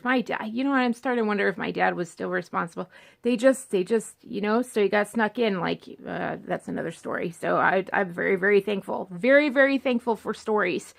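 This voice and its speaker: A woman's voice: mid-range voice, fast talker, creaky. A woman in her thirties chatting casually about movies she loves on her vlog, rambling and often breaking off and restarting her sentences. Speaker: movie vlogger. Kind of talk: casual chat.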